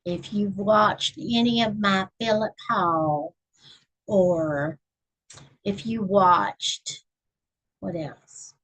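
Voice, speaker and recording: A middle-aged woman from Texas hosts a relaxed live stream, chatting with whoever drops by. She talks at an unhurried pace with a slightly husky voice. Now and then she counts stitches aloud as she crochets. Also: mid-range voice, rough recording. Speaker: channel host reading books. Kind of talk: casual live-stream chat.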